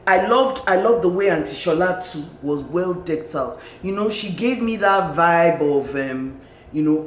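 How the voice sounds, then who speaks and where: A film reviewer with a Nigerian accent, talking in a casual, animated and exclamatory way, often laughing and repeating words for emphasis. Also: medium pitch. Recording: echoey room with faint background noise.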